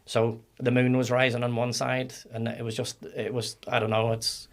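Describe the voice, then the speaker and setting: A middle-aged man with a Northern Irish accent, a podcast guest telling stories in a halting way, repeating words as he recalls. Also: mid-range voice, monotone. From Northern Ireland. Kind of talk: casual interview storytelling.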